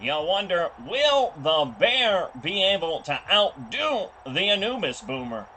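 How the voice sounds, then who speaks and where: A man voicing a hyped male play-by-play sports announcer in a loud, brassy broadcaster delivery. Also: sits high, big pitch swings, unhurried, slight background noise, voice pushed up, exaggerated voice. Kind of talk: mock sports commentary.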